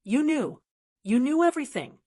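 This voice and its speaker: A woman's voice: mid-range voice, animated, moderate pace, lightly acted. A woman voicing a bitter, scheming middle-aged father who speaks through gritted teeth in an audiobook reading. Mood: shocked. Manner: gritted-teeth, pleading then menacing.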